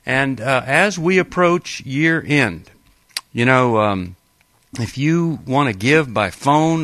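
A man's voice: mid-range voice, a bit bright, dry recording. A man hosting a call-in radio show, chatting casually with fillers and playful jokes.

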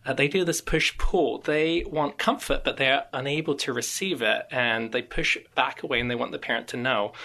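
Male host, bright tone with some gravel, easygoing storyteller. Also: medium pitch, moderate pace, few pauses. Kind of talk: podcast monologue on emotions.

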